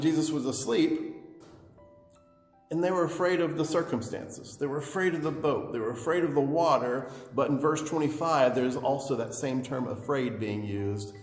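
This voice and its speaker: A man's voice: mid-range voice, a little mellow, reverberant, big-room sound. A man giving a short devotional as a pastor, reading scripture aloud and commenting on it in an earnest, reflective way.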